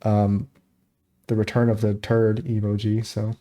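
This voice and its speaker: A man's voice: fairly low pitch, completely flat delivery, a little slow, dark tone. A man co-hosting a podcast in casual, joking chat, acting out movie scenes in little voices. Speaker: podcast co-host.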